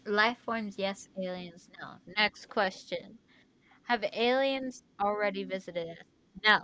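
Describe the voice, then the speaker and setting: Young woman, podcast co-host, casual chat, blunt, brisk, bright voice. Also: mid-range voice, slight background noise, poor audio. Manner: quick, blunt answers, moves things along.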